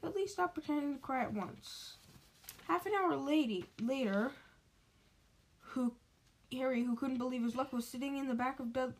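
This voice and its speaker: A woman with a high voice reads a storybook aloud. She stumbles often and restarts words and phrases as she goes. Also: normal speed, pauses often.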